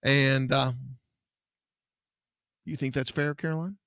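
A man's voice: medium pitch, steady tone, slow, fairly bright tone, no echo. A middle-aged man from Texas, hosting a podcast in a folksy, earnest, rambling way. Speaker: podcast host, private investigator. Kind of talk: casual podcast talk.

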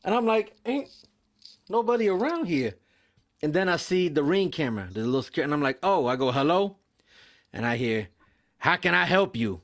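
A young man tells a workplace story on a podcast, loose and profane and full of energy. His voice sits a little high, and he jumps into quick impressions of other people. It is casual storytelling from start to finish. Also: animated. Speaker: mail carrier.

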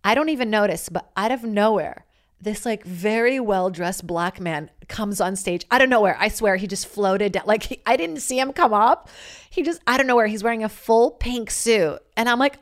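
Brief: woman in her thirties, stand-up comic hosting a podcast, brash and animated storyteller. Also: medium pitch, moderate pace. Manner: brash, animated, acts out voices in quotes. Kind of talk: casual storytelling monologue.

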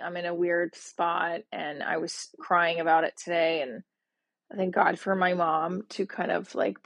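A gravelly, husky woman in her forties talks through her own podcast in a rambling, emotional monologue. She sounds sad and upset and keeps restarting her thoughts. The dry recording puts her voice close, with no room around it. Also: on the low side, dry recording. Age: 40s. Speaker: podcast host. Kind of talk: personal voice diary monologue.

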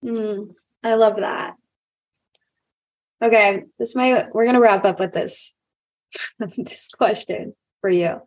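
A woman's voice: medium pitch, slow pace, pauses often, a little mellow. A woman podcast host asking long, thoughtful, rambling questions in a casual interview.

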